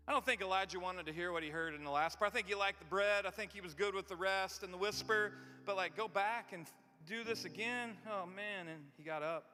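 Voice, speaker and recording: A male pastor with a high, bright voice delivers a conversational sermon, often repeating and restarting words. He moves between loud, emphatic lines and quiet, near-whispered ones. His voice echoes with the long reverb of a large church hall. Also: fairly quick, soft background music.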